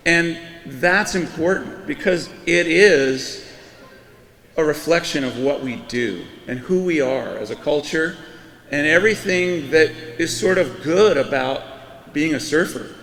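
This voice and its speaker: A man's voice: on the high side, a little slow, a bit bright. A middle-aged man from Florida giving a hall of fame acceptance speech, telling a story loosely with lots of fillers. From Florida, US East Coast. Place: ceremony hall on a PA system. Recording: echoey hall with a long reverb tail, faint room noise.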